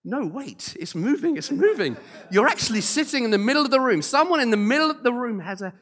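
A man voicing an eager, flustered woman at a conference, frantic and rising in pitch. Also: big pitch swings, a little slow. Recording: long hall reverb.

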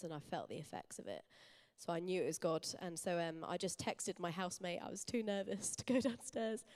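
A young woman giving a sermon in an earnest, personal, conversational way. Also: lowish voice. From England. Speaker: church speaker. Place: church hall.

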